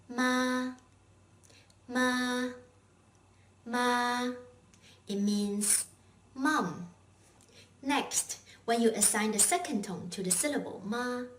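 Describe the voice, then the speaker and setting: A woman's voice: medium pitch, far from the mic. A woman teaching a language lesson, patient and encouraging, asking questions and praising the learner. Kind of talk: slow, clear language lesson with drills. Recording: echoey room, voice set back from mic, faint noise.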